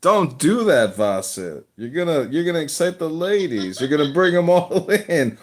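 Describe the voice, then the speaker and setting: A man hosting a live stream, mocking and teasing his viewers in a loud, rambling, profane way. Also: mid-range voice, very animated, measured pace.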